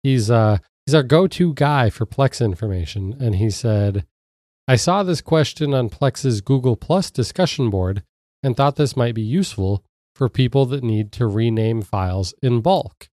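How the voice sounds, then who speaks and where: A man's voice: medium pitch, expressive, measured pace, darkish tone, no echo, clean studio sound. Man hosting a podcast, nasal from a cold. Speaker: podcast host and producer. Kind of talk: casual podcast chat.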